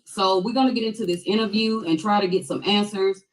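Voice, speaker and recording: A woman's voice: mid-range voice, fairly even intonation, fairly quick, low-quality recording. A woman hosting a live-stream interview, talking casually and loosely with many "um" fillers. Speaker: host.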